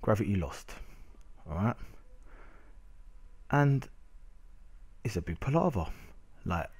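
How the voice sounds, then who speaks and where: A man's voice: fairly low pitch, big pitch swings, takes it slowly, a little mellow, husky. A young man with a London accent, ranting casually over game footage with lots of slang and repeated "innit". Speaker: gamer narrating match footage. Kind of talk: casual rant over gameplay video.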